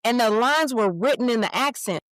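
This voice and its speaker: A woman's voice: a little high, expressive, normal speed, fairly bright tone, no room sound. A woman actress, a guest who speaks expressively and swoops into playful voices in a casual chat. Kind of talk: casual conversation.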